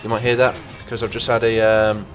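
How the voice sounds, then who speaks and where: A young man giving casual, excitable commentary over a war strategy game as the channel's host, reacting aloud to the fighting. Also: on the low side, a little fast. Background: game music and gunfire.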